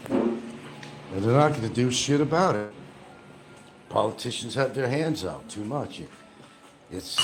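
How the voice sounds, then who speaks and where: A man's voice: mid-range voice, background noise. A man talking casually and rambling at home while he eats, grumbling about the news between bites. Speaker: vlogger. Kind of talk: casual eating vlog chat.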